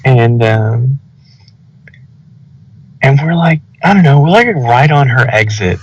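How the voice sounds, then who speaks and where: A man's voice: medium pitch, takes it slowly, breathy edge. A young man co-hosting a podcast, telling a story in casual chat, swearing and acting out the quoted lines. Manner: animated, profane, acts out quoted dialogue. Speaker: podcast co-host. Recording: slightly muffled podcast recording.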